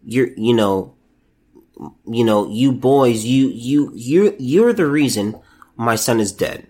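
An angry, grieving mother speaks slowly and accusingly, laying the blame on others, as a man mimics her. Her voice rises and falls widely. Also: medium pitch, expressive, warm tone.

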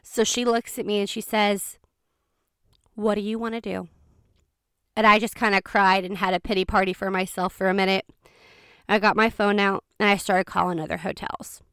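Woman, casual storytime vlog, chatty, expressive, smooth clear voice, dry close sound. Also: mid-range voice, no room sound. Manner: chatty, expressive, fast bursts. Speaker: vlogger.

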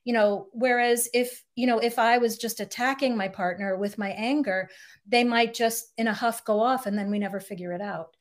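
A woman's voice: a little high, fairly even intonation, moderate pace. A middle-aged woman, a couples therapist, explaining ideas in a podcast interview and acting out example quotes.

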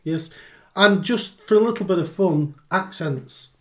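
A man's voice: high voice, a little slow. A man co-hosting a podcast in casual chat. He talks in a dry, teasing way and slips in jokes at his partner's expense. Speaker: podcast co-host.

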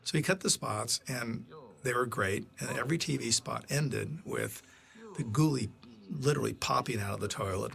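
A man's voice: medium pitch, normal speed, vocal fry, fairly bright tone. A man producing films, telling rambling, profane stories in a casual commentary and stopping to react to scenes on screen. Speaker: film producer giving commentary. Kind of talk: casual anecdotal audio commentary.

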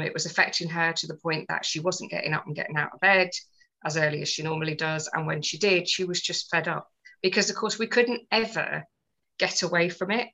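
A woman's voice: sits low, bright, forceful tone, rough recording. A woman on a podcast, telling a personal story in earnest, detailed casual chat. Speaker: podcast co-host.

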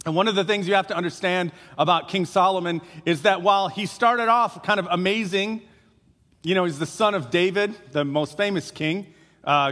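A man with a notably high voice preaches a sermon to his congregation, chatty and loose, often pausing on "uh." His voice rings out in a church sanctuary with a long, trailing reverb. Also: fairly bright tone. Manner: conversational, frequent filler uhs. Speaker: pastor.

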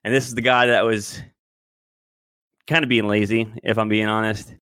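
A man's voice: on the low side, little pitch movement, normal speed, fairly bright tone, clear, resonant tone, no echo. A man in his twenties telling a long story in casual podcast chat, rambling and loose. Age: 20s. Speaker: podcast co-host.

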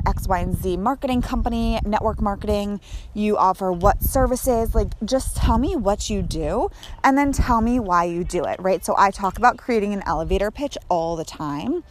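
A young woman from Connecticut hosting her podcast, a little out of breath as she records on her phone while walking laps outdoors. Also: mid-range voice. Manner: chatty and upbeat, speaks to listeners directly. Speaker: podcast host. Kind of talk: casual podcast talk.

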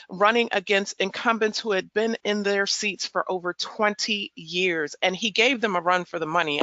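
A woman's voice: mid-range voice, pushed and bright, no room sound, muffled recording. A woman hosting a podcast interview, introducing her guest with enthusiasm. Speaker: podcast host.

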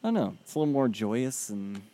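A man's voice: mid-range voice, big pitch swings, fairly quick, mellow. A man co-hosting a podcast, talking casually and hesitantly with many fillers. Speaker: podcast co-host. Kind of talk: casual chat.

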